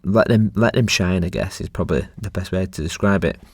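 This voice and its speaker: A man's voice: deep voice, brisk, slightly rough, no room sound, studio quality. A man hosting a podcast, talking in an earnest, reflective way in casual chat. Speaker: podcast host.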